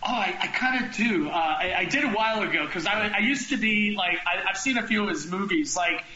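A man's voice: high voice, animated, sharp tone, reverberant, dull audio. A man hosting a podcast in casual chat, rambling and restarting his sentences often. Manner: rambling, halting with many restarts. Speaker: podcast host.

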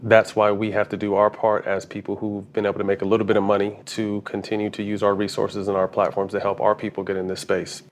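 Man, fast pace, slangy casual speech, stumbles over repeated words. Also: lowish voice, monotone. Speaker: interviewee, former pro basketball player. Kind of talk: casual interview talk.

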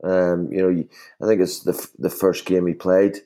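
Deep mellow-voiced man. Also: flat delivery, moderate pace. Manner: rambling with many fillers and restarts. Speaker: former footballer guest. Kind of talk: casual podcast chat.

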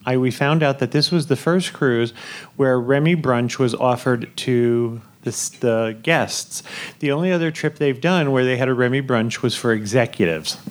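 A man's voice: medium pitch, moderate pace. A man hosting a live podcast in a theater on a cruise ship, chatting and laughing as he tells the audience a story. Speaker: podcast host.

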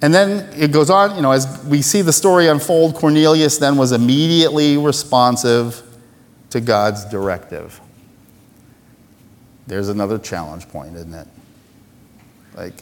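A male pastor preaching a sermon in a lively, conversational way, poking fun at himself and acting out little voices. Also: mid-range voice, measured pace, long pauses, long reverb tail.

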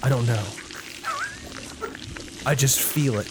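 A man's voice: medium pitch, slow pace, background noise. A man riffing comedically in a wry, teasing way. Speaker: comedy riff performer. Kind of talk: improvised comedic riffing over a show. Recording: music playing underneath.

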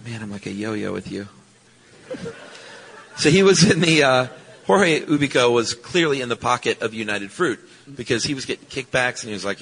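A man co-hosting a podcast live on stage, telling history in a relaxed way and chuckling often. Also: mid-range voice, moderate pace, vocal fry, slightly rough. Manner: laid-back storytelling, chuckling often. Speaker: podcast co-host. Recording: long reverb from a live stage hall.

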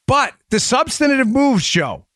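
A man with a fairly high voice hosts a political talk show, pressing his points hard and firing off rhetorical questions at the listeners. The sound is close and dry, with no room to it. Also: sing-song, unhurried, fairly bright tone, no room sound. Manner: emphatic, rhetorical questions, addresses listeners as folks. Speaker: podcast host.

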